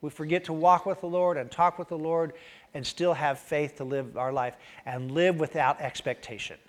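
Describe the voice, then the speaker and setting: A man pastor preaching a sermon, reading Scripture and acting out the people in it, swinging from loud outbursts to quiet asides. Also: a little high, moderate pace, long reverb tail. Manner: animated, acts out voices, swings from loud to quiet.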